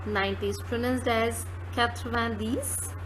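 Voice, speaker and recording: A woman's voice: mid-range voice, measured pace, noisy background. A woman teaching numbers, saying each one twice, plainly. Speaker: French teacher. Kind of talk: slow spoken lesson with repetitions.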